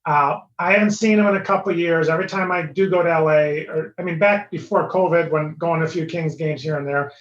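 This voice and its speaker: A man's voice: a little high, steady tone, a little fast, few pauses. A middle-aged man speaking as a podcast guest in hesitant casual talk, full of fillers. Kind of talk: casual chat. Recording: roomy, dull remote audio.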